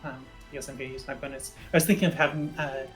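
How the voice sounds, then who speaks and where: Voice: mid-range voice, fairly even intonation, rapid-fire, soft background music. A player in a tabletop game talking casually and hesitantly, with many fillers.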